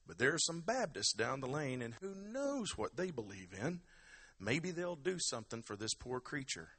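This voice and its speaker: A man's voice: big pitch swings, moderate pace, breathy edge, full character voice. A man putting on a stern parish priest in a joke told during a sermon. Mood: exasperated. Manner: loud, exasperated, high-pitched.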